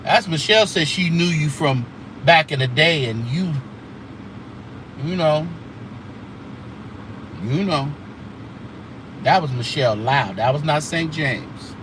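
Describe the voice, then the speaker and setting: A man's voice: a little high, lively intonation, slow, long pauses. A man hosting casual church gossip commentary, sassy and drawling, with mocking mimicry of the people he talks about. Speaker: host. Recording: outdoor traffic noise.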